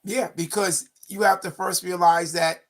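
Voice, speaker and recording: A man's voice: high voice, fairly even intonation, measured pace. A man on a podcast panel, explaining his point emphatically, step by step. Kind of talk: casual discussion.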